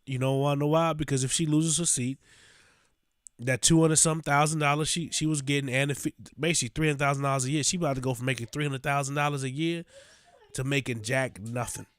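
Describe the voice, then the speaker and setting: A man talks back to a news clip in a loose, mocking way, circling back to the same phrases again and again. His voice sits at an ordinary pitch for a man, and the recording is dry and close, with no room sound around it. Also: steady tone, quick pace, fairly bright tone, clean tone, no echo. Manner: mocking, repeats phrases over and over. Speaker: reaction channel host. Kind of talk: casual commentary over a news clip.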